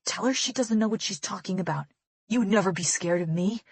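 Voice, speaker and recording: A woman's voice: medium pitch, fairly quick, slightly rough, no echo. A woman voicing a violent, drugged young man who hisses and snarls threats in an audiobook. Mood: menacing.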